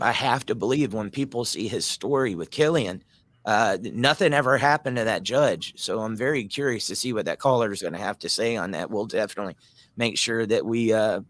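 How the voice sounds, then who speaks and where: A man's voice: fairly low pitch, a little fast, a bit bright. A man hosting a casual talk show, speaking with passion and addressing listeners directly. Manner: impassioned, addresses listeners as guys.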